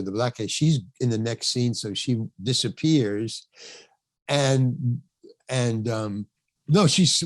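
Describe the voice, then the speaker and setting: An older man, an actor appearing as a podcast guest, recounts a wandering backstage anecdote, acting out what people said, laughing often and dropping the odd swear word. He has a mid-range, darkish voice, with no room sound in the recording.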